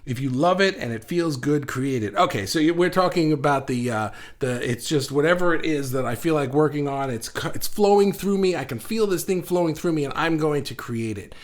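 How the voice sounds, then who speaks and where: Chatting loosely on a livestream, a man reads out viewers' comments and wanders from point to point, frequently starting over mid-thought. He talks fairly quickly with few pauses, in a slightly high voice.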